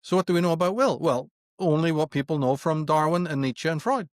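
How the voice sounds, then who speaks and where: A man's voice: on the high side, fairly quick, dry recording, clean studio sound. A middle-aged man, talking philosophy in an emphatic, profane way, full of rhetorical questions. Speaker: interviewee. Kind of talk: philosophical conversation.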